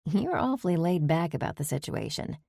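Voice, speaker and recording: A woman's voice: deep voice, very animated, a little fast, vocal fry, mellow, no room sound, clean studio sound, heavily acted. A woman voicing a flustered young heroine who hesitates and stammers, in an audiobook. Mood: puzzled. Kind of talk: audiobook character voice.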